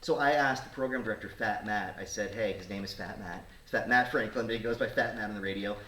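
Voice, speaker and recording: A man's voice: lowish voice, fast. Man telling a story in a roomy studio. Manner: animated, acts out quoted voices. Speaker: radio talk show host. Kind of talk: casual storytelling to a studio audience. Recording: roomy sound, mic at a distance, faint noise.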